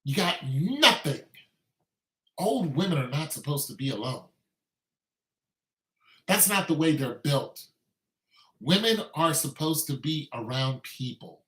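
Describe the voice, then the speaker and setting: A man's voice: a little high, sing-song, takes it slowly, long pauses, fairly bright tone, echoey room, poor audio. A man delivering an opinionated monologue in an emphatic, repetitive rant. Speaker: commentator.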